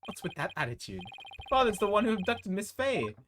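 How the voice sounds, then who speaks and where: A man voicing a proud, scornful young princess with a lowered, clipped, imperious reading. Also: wildly swooping pitch, fairly quick, over music. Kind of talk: reading game dialogue aloud.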